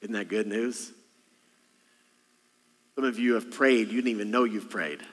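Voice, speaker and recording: A man's voice: on the low side, unhurried. A man preaching a sermon as pastor, talking conversationally to the congregation with rhetorical questions and jokes. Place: church sanctuary. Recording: long reverb of a large hall.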